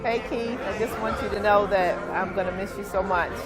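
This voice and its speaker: A woman's voice: mid-range voice, steady tone, brisk. A woman giving a tender spoken farewell to a friend, close to tears. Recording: music and crowd chatter behind.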